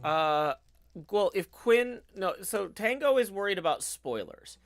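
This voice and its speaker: A man's voice: high-pitched, animated, unhurried. A man hosting a game stream, playfully explaining what he is doing as he plays. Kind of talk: casual gameplay commentary. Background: game music.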